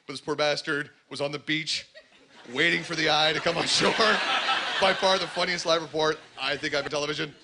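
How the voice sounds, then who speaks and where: A Canadian man with a Canadian accent working through a stand-up comedy set in a sardonic, conversational way. His voice sits a little high for a man. Heavy noise runs under the recording. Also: fairly even intonation, brisk. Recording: loud background noise.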